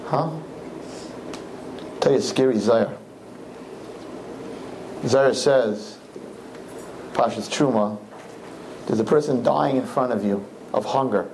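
A man preaching as a rabbi, fervent, swinging from soaring high cries to low hushed pleading. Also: takes it slowly, pauses often, a little hiss or hum, low-quality recording. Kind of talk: impassioned sermon.

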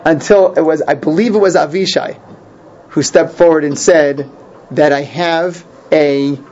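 A man's voice: fairly high pitch, fairly even intonation, unhurried, darkish tone. Man teaching an informal Talmud class. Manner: thinking aloud, restarts and rhetorical questions. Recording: dull lo-fi class recording with faint noise.

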